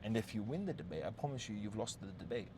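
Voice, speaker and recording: A man with a fairly low voice talks through relationship advice in a loose, unscripted monologue. He is blunt and profane, trips over his words and starts again, and keeps asking the listener "yes?" A faint noise runs under the recording. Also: lively intonation, quick pace. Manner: blunt, heavy swearing, frequent "yes?" check-ins; restarts and repeated words.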